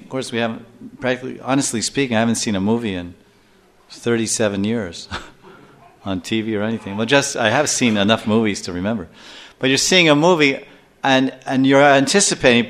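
An older man giving a scripture class lecture as a spiritual teacher, telling stories in a lively way and acting out little scenes. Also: mid-range voice. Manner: animated storyteller who acts out scenes and chuckles often.

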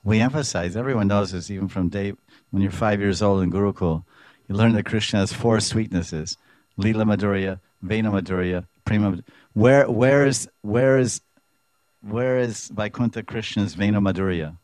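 A man teaching at a devotional lecture, his voice sitting on the low side. He talks expressively, repeats himself as he goes and slips in playful sound effects. The recording is dry, with no room echo. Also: moderate pace, a little mellow. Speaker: Vaishnava teacher.

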